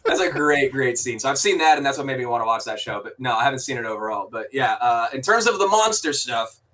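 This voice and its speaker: Talking fast with lively intonation, this co-host has a medium-pitched, pushed and bright voice as he casually reviews a movie on a podcast. He rambles, restarts sentences and throws in the odd swear word, captured roughly from a distance.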